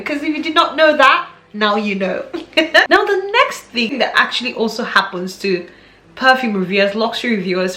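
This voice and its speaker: Young woman, playful vlogger, bright high voice, roomy echo with soft music behind. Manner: chatty, playful, laughs often. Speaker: fragrance vlogger. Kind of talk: casual chat to camera. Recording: echoey room with faint music.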